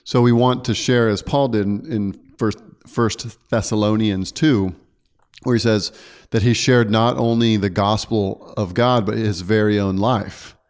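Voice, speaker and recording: A low-voiced man who preaches, chatting casually about his last sermon. He talks earnestly, circles back to correct himself and laughs easily along the way. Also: steady tone, a little slow, darkish tone. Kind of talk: casual church podcast chat.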